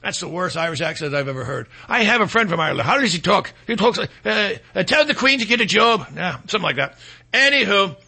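Sarcastic high-voiced talk show man. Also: expressive, fast, vocal fry, bright, forceful tone, husky. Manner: sarcastic, mocking, rambling with many fillers. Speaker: talk radio host. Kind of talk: opinionated call-in talk show monologue.

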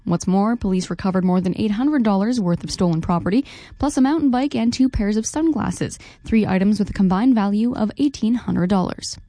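A woman reads the radio news in a brisk, even newsreader voice. Her tone is mellow and warm, and the studio sound is close and dry. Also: medium pitch, no echo. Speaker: news anchor.

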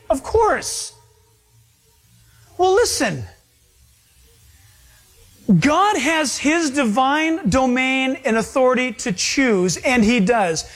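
A man with a very high voice preaches a sermon, leaning on each key point and slowing down to drive it home. He talks to his congregation directly and keeps the delivery emphatic throughout. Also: expressive, fairly bright tone. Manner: emphatic, slows down to stress points. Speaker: pastor.

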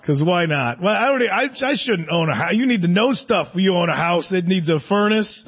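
Stand-up comic in his forties, high voice, rambling and self-mocking, dull lo-fi live theater recording. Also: animated, a little fast, slightly rough. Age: 40s. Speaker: stand-up comedian. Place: theater stage. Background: audience laughter.

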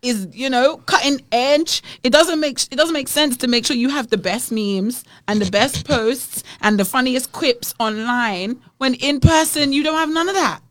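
Playful British woman, a bit high. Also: normal speed, few pauses, no echo. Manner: playful, teasing, preachy asides. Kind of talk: casual Christian chat.

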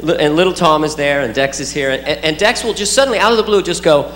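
A man's voice: a little high, quick pace. A man doing a stand-up routine, playful and chatting with the audience. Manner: playful, talks to the crowd, does silly kid voices. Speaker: stand-up comedian. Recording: roomy live recording with a loud crowd.

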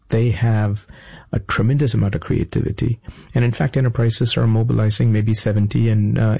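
A man who is a business school professor, answering interview questions deliberately with some hesitation. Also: fairly low pitch, creaky, a little mellow, slightly rough, no echo.

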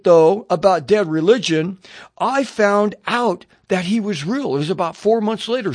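A man giving a radio sermon as a personal testimony, telling his story in a lively way, acting out his own thoughts, and putting questions straight to the listener. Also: high voice, dry recording, clean studio sound. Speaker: preacher.

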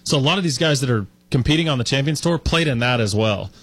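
A man co-hosting a sports radio show, telling a story in a chatty, animated way with lots of fillers. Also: medium pitch, fast, dry recording. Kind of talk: casual sports talk.

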